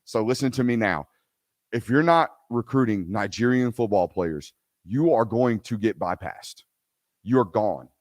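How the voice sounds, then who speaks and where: A man's voice: lowish voice, measured pace, dry recording, clean studio sound. A man hosting a live sports talk show, ranting emphatically and repeating himself for effect before taking audience questions. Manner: animated ranting, emphatic repetition.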